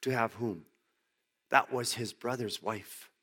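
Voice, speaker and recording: A man's voice: mid-range voice, takes it slowly, husky. Man preaching a scripture sermon. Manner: reads verses aloud then explains them in plain words, with sharp rises for emphasis. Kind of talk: sermon reading and explaining scripture.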